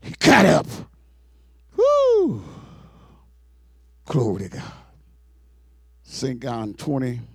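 Exclaiming preacher man with a lively voice. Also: medium pitch, unhurried, creaky, long pauses, husky, no room sound, clean studio sound. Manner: exclamatory, shouting and whooping. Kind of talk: sermon.

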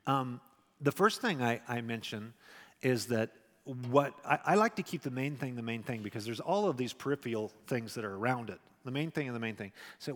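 A man's voice: medium pitch, animated, fairly quick, fairly bright tone. A middle-aged man, a pastor, answering a question in a sermon in a candid, conversational way and acting out dialogues. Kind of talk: sermon Q&A teaching. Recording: long hall reverb.

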